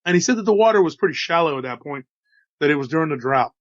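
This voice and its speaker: A man's voice: fairly high pitch, expressive, fast, no room sound, muffled recording. Folksy man with a slight Texas drawl. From Texas, USA. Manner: chatty, folksy asides to listeners. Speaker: host telling encounter stories. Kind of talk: casual storytelling.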